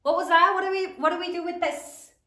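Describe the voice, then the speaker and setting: A woman teacher leading a spelling lesson for third graders, slowly sounding out each letter and praising her students often. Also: extremely high pitch, fairly even intonation, bright, forceful tone, roomy sound.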